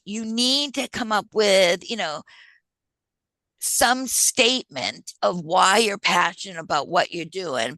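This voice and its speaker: A woman's voice: mid-range voice, sharp tone, dry recording. A woman presenting a job-search workshop in a conversational way, often checking in with her listeners. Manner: conversational, keeps checking in with "right?".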